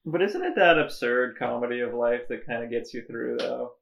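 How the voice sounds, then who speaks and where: A man's voice: mid-range voice, moderate pace, vocal fry, a bit bright. Man chatting in an echoey room. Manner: short encouraging interjections, laughs along. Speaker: podcast host. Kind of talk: casual interview chat.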